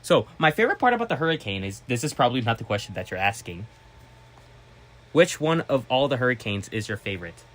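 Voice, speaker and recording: A man chatting casually as a vlogger, excitable and rambling, with restarts and sudden loud outbursts. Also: medium pitch, quick pace. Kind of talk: casual vlog chat.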